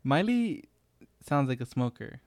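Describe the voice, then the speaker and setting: A man's voice: mid-range voice, sing-song, measured pace, dry recording. A young man co-hosting a podcast, rambling and joking in casual chat, swearing freely. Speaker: podcast co-host.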